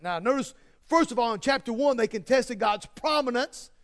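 A man's voice: very high voice, lively intonation, normal speed. A man preaching a sermon, emphatic and repetitive, driving home his points with strings of rhetorical questions.

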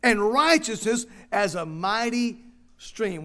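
A man's voice: extremely high pitch, moderate pace, a bit bright. A male pastor preaching a sermon, reading scripture aloud and stressing his points with emphatic repetition.

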